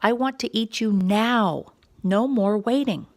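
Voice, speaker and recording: A woman's voice: on the high side, takes it slowly, darkish tone. A woman doing a hungry, mopey little fox. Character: hungry simple-minded male fox. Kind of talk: children's storybook reading.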